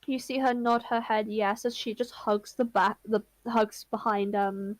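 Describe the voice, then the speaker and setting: A woman's voice: a little high, little pitch movement, unhurried, dry recording. A woman running a tabletop game as game master, narrating scenes and voicing the characters lightly.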